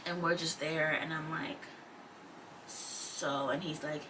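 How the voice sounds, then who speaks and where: A woman's voice: low voice, steady tone, takes it slowly. A young woman in her twenties, speaking, tells a personal story casually to her vlog audience, full of "like" and quoted speech. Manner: conversational, lots of "like" and quoted speech. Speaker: vlogger. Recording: distant mic with faint background noise.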